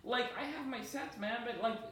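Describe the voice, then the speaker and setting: Laid-back Mexican-born comedian, high voice. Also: male voice, normal speed, a bit bright, a little hiss or hum. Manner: laid-back, sprinkles in "man", acts out quoted bits. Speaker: stand-up comedian guest. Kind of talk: casual interview chat. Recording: echoey room, distant mic.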